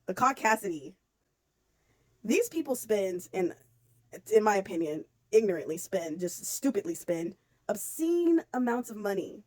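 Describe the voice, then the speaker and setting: A woman ranting bluntly on camera, swearing freely and talking in an animated, exasperated way. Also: medium pitch. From United States. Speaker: vlogger. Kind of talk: casual commentary rant.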